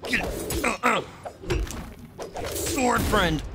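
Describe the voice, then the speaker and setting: Game streamer, live gameplay commentary, excitable, swears a lot, yelps and squeals, lively bouncing pitch, loud game music behind. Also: drawn-out words, creaky.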